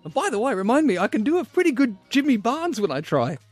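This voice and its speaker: Aussie radio host guy, jokey, quick banter, kinda high voice. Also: big pitch swings, faint music behind. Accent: Australian. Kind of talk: casual radio chat.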